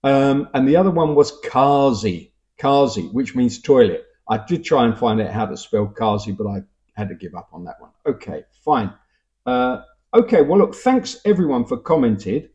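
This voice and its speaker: A man's voice: medium pitch, very animated, normal speed, darkish tone, highs cut off. An older man with a Cockney accent, reading out viewer comments and answering them in a wry, musing, casual way. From England. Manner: musing, wry, self-interrupting. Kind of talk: casual chat. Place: home in Vienna.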